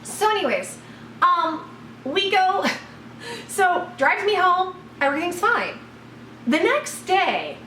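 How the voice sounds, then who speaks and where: A high-voiced woman tells a story straight to camera, blunt and expressive, with swearing all through it. Her pitch swings widely. She sits back from the mic in an echoey room with a little hum behind her. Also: distant mic. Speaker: vlogger. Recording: roomy echo, voice from off the mic, faint room noise.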